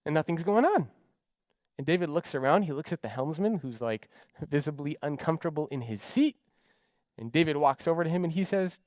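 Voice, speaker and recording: Animated man telling a story. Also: a little high, a little fast, dry recording. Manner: animated, dramatic storyteller who acts out dialogue. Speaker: keynote speaker. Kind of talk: storytelling keynote talk.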